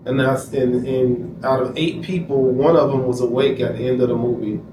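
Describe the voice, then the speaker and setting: A man's voice: mid-range voice, fairly even intonation, moderate pace. Distant, echoey man telling his story. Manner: emphatic, repeats phrases, quotes himself. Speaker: interview guest. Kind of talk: candid personal storytelling. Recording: echoey room, distant mic, noisy.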